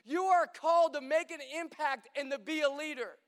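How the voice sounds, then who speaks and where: A man preaching an animated sermon as pastor, acting out voices in the quotes he tells. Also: extremely high pitch, moderate pace, big-room sound.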